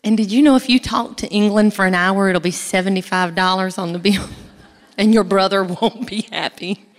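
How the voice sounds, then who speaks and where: A woman's voice: mid-range voice, fairly even intonation, moderate pace. Folksy woman giving a testimony. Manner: folksy, chatty, addresses the audience directly. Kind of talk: church testimony to an audience. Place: large hall, speaking from a stage. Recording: echoey hall with long reverb.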